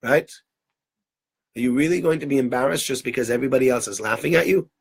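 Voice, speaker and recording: A man teaching a Torah lesson in a conversational way, often checking in with quick tag questions. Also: mid-range voice, vocal fry, slightly rough. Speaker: rabbi teacher.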